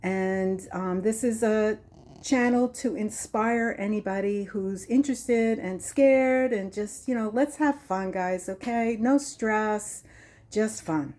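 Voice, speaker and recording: A woman's voice: mid-range voice, slow pace, a little mellow. A retired woman giving a chatty, meandering craft room tour, out of breath, filmed on a handheld phone. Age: older. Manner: chatty, meandering, with many ums. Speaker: craft vlogger. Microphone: phone held in hand.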